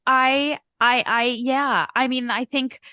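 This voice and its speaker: A woman's voice: sits high, steady tone, takes it slowly, sharp tone, no echo, studio quality. A young woman co-hosting a podcast in casual chat, talking in a gushing, emotional way with many restarts. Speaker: podcast co-host.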